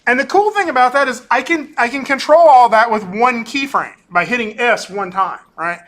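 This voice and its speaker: A male animation instructor lecturing casually through a software demo, often ending points with "right?" and pausing on "um". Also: very high-pitched. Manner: casual, talkative, keeps tagging on "right?"; frequent ums and restarts. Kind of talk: recorded class lecture with screen demo.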